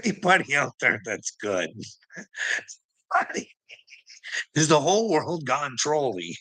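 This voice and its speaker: A man's voice: on the high side, bright, forceful tone. A man hosting his own vlog, talking to his viewers in a rambling, profane monologue and laughing between his lines. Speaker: channel host.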